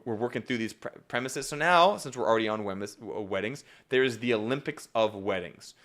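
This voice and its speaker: A young man coaching comedy writing on a live stream, talking casually with lots of fillers and restarts and jumping into acted-out bits. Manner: animated, jumps into acted-out bits with big pitch swings; repetitive fillers (yep, okay), restarts.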